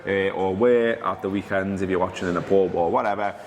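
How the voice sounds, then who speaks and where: A low-voiced man hosts a casual football chat show, joking, teasing and stumbling over names. His voice rings with a long hall reverb, and a faint hum sits behind him. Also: steady tone, brisk, a little mellow. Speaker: podcast host.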